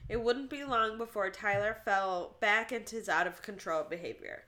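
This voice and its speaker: A woman's voice: mid-range voice, moderate pace, bright, forceful tone. A woman co-hosting a casual true-crime podcast, reading out case notes and joking and laughing between the facts. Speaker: podcast co-host.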